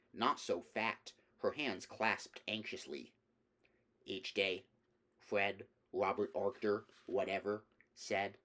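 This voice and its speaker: Low-voiced male audiobook reader. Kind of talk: audiobook narration.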